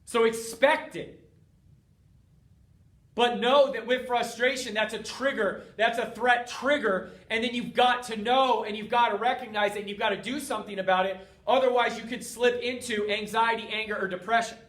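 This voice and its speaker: A man hosting a motivational talk, speaking directly to his listeners in an energetic, coaching way. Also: very high-pitched, normal speed. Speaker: host. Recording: roomy, distant from mic.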